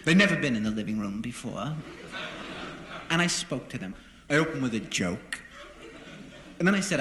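A man doing a stand-up monologue in front of an audience, telling deadpan, self-deprecating stories. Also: medium pitch, moderate pace, pauses often. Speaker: stand-up comedian. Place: live venue with an audience. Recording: roomy live recording with noise. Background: audience laughter.

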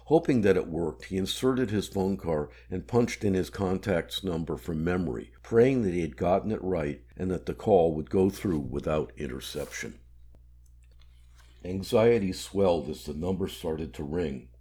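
A man reading a novel aloud in a measured, even audiobook narration. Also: low-pitched, slightly rough.

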